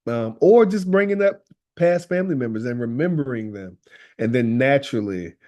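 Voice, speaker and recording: A man's voice: medium pitch, animated, normal speed, dark tone. A man being interviewed as a guest, speaking earnestly and telling stories, often acting out what people say. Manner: earnest storyteller, acts out quoted dialogue. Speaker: guest, death doula. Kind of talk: conversational interview.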